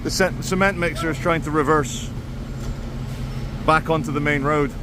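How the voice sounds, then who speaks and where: A man's voice: fairly high pitch, fairly even intonation, unhurried. Sardonic man filming street traffic. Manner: sardonic running commentary. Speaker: vlogger host. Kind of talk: walking street vlog commentary. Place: outdoors on busy city streets. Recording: street traffic noise behind.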